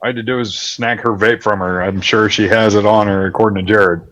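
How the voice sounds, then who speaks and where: A man's voice: fairly low pitch, fairly even intonation, fairly quick, fairly bright tone. A man chatting on a stream, teasing the host with crude, profane jokes. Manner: crude, teasing, swears freely. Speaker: regular on the stream. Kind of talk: casual chat.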